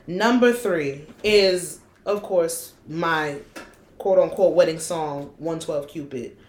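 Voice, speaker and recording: A woman co-hosting a casual chat, blunt and profane, telling stories with animated energy. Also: low voice, slow pace, roomy sound, slight background noise. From United States. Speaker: podcast co-host.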